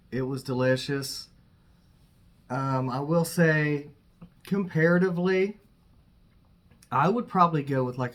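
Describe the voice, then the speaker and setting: A man hosting a casual barbecue cooking vlog, relaxed and chatty, thinking aloud with plenty of fillers. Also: medium pitch. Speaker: barbecue channel host.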